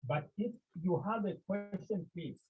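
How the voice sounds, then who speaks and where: Slow, husky man teaching grammar. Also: high voice, phone-quality sound. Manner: repeats key phrases, asks the class questions. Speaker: Greek teacher. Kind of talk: classroom grammar lesson.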